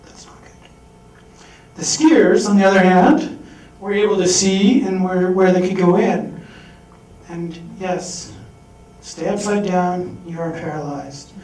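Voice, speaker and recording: A man telling a personal story on stage, animated, acting out the voices he quotes. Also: sits high, measured pace. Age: adult. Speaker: speaker. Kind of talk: storytelling talk. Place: large hall. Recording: echoey hall from far off.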